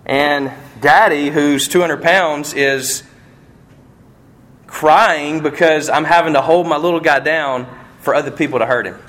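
A man preaching a sermon as a pastor, telling a personal story with passion and swinging between hushed and near-shouting delivery. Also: fairly high pitch, unhurried.

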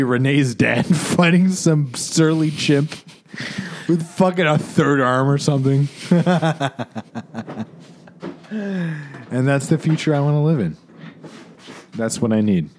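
A man's voice: on the high side, unhurried, long pauses, a little mellow, a little hiss or hum. A man co-hosting a comedy podcast, riffing with swearing and frequent laughter. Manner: laughing often, profane joking. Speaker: podcast co-host. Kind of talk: casual comedic banter.

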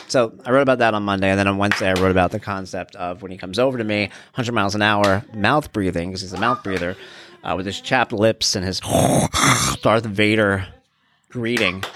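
Middle-aged guy podcasting solo, lowish voice, rambly and fond, bit of faint noise behind. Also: a bit bright. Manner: rambling, fond and self-interrupting. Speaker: podcast host. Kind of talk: casual solo podcast talk.

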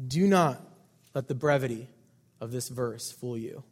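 A man preaching a sermon as pastor, emphatic, with loud stresses and quiet asides. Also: mid-range voice, a little slow. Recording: long hall reverb.

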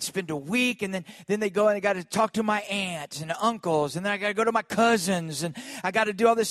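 A man with a notably high-pitched voice delivers a lively storytelling sermon, calling on the congregation to join in. His voice sounds close and dry. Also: no room sound. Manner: lively, calls on the congregation to respond. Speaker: pastor.

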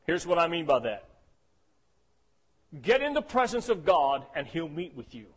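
A man preaching with a high-pitched voice. He swings from hushed, low stretches to loud, shouted climaxes, calling "Amen?" to the congregation. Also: sing-song, moderate pace, slightly rough. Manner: calls for "Amen?" responses. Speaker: pastor. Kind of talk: sermon.

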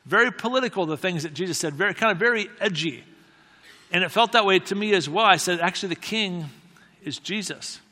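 A man's voice: high voice, expressive, a little fast, sharp tone. A man from the United States telling a personal story as a sermon, earnest and conversational with frequent restarts. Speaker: preacher. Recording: long hall reverb.

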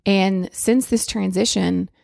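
Woman in her thirties, podcast host, candid rambling talk, very gravelly voice, dry sound. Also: mid-range voice, steady tone, slow pace, no room sound. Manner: candid, rambling, with restarts and soft laughs. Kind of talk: personal reflective monologue. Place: home.

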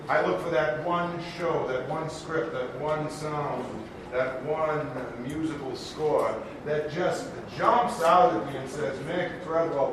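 A grandiose, aging Broadway producer, played by a man in live improv, pitched a bit high and full of showman patter. He sounds distant in a very echoey theater, with clear noise underneath. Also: close to an everyday voice. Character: aging bombastic male Broadway producer, showy and forgetful. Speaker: show's emcee character. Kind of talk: live improvised stage comedy. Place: theater stage. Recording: echoey theater recorded from far off, noisy.

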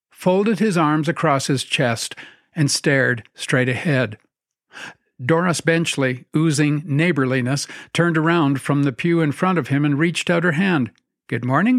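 Dry-voiced male storyteller, wry and measured. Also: on the high side, dry recording. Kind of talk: scripted narration.

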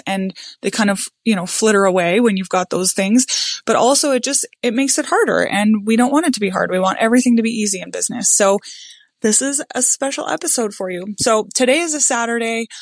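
A woman's voice: medium pitch, dry recording. Upbeat woman podcast host, dry closet sound. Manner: upbeat, smiling voice with frequent "like" fillers. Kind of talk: casual solo podcast talk. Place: home closet.

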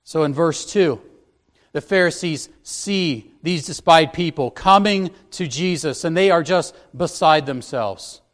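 A pastor delivers an expository sermon, working carefully through the text verse by verse. His voice sits a little higher than most men's, and his tone is earnest and instructive. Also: measured pace.

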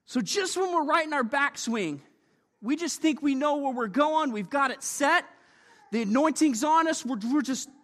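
A man preaching a sermon in a church, lively and joking, often calling for amens. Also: very high voice, normal speed, in a large hall.

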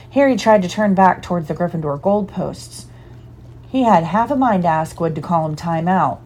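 A woman giving a lively, expressive storybook narration. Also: on the low side, slight background noise. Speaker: audiobook reader.

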